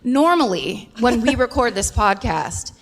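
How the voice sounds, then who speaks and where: A woman's voice: fairly high pitch, lively intonation, unhurried. An American woman co-hosting a live comedy podcast on stage, self-mocking and laughing often. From United States. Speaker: podcast co-host. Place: large concert hall with live audience. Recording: hall reverb, audience noise.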